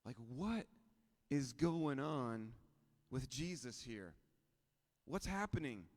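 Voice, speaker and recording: A man's voice: medium pitch, animated, takes it slowly. A male pastor preaching in an easy, conversational way, often tossing rhetorical questions to the congregation. His voice sits in an ordinary middle register. The sound carries a long reverb from the church hall. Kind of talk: sermon.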